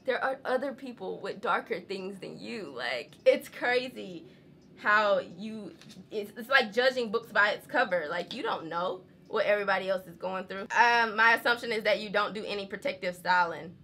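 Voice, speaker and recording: A woman's voice: mid-range voice, moderate pace, sharp tone, slight background noise. A young woman with a Southern American accent, from the rural South, chatting candidly to camera in a home vlog. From Southern United States, rural. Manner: chatty, candid, frequent laughs, says y'all. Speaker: vlogger. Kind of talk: casual chat to camera.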